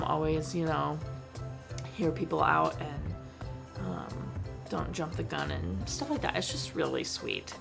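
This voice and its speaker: A woman's voice: low-pitched, vocal fry, pushed and bright. A young woman chatting casually about a movie she just watched, full of fillers and giggles. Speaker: movie review vlogger. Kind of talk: casual movie review chat.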